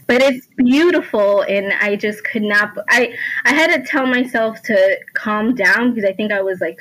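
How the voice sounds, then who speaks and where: Bright, animated woman telling stories. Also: mid-range voice, poor audio. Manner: animated storytelling, laughing often, acting out voices. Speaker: podcast guest. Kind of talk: casual chat.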